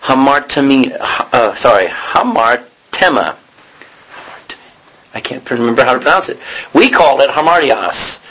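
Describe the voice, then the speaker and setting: A man teaching a sermon in a conversational way, often pausing to correct himself and clear his throat. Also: mid-range voice, lively intonation, a bit bright, poor audio. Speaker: preacher.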